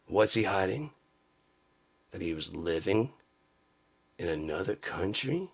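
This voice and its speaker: A man's voice: sits low, expressive, takes it slowly, vocal fry, breathy edge. A man doing a profane, sarcastic satirical comedy rant. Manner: sarcastic, profane, jumps into mocking voices.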